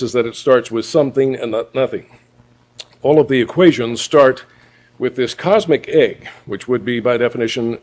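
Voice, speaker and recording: A middle-aged man giving an apologetics lecture, building his points to loud, mocking punchlines. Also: medium pitch.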